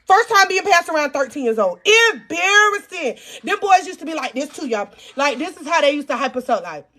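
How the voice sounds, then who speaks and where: A woman with a high voice tells a storytime to her viewers. She is crude and self-mocking. She speaks right to the camera and gets loud when she teases her younger self. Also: a little fast, few pauses. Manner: animated, loud bursts when teasing herself. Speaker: vlogger. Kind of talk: storytime vlog.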